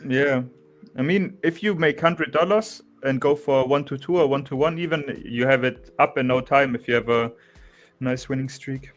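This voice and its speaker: A man's voice: mid-range voice, normal speed. German-accented young man, casual trader talk. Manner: relaxed, restarts often, says "bro" and "you know". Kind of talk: casual chat.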